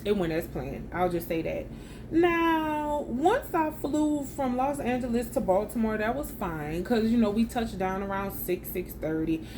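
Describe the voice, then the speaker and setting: A woman's voice: a little high, unhurried, background noise. A woman, telling a travel story in a chatty, slangy vlog style. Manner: chatty and slangy, with animated retold dialogue. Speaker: vlogger.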